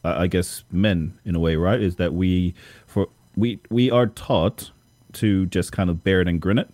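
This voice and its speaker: A man's voice: deep voice, steady tone, moderate pace, darkish tone, dry recording. A young adult man hosting a podcast, talking in a thoughtful, hesitant way and often repeating words. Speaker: podcast host. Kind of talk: casual conversation.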